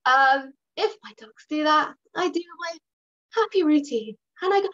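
Chatty high-voiced woman dog trainer. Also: normal speed, a bit bright, lo-fi sound. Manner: chatty and reassuring, with fillers and upbeat put-on bits. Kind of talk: online workshop talk.

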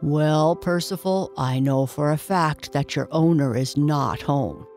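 A woman voicing a large, gentle, friendly male dog in a bedtime storybook, speaking slowly and kindly. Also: deep voice, faint music behind.

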